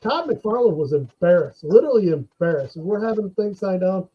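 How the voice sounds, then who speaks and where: A man telling animated stories in a casual chat, jumping into the voices of the people he met. His voice sits high, with a husky, mellow tone. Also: a little fast, poor audio. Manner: animated storyteller acting out quotes.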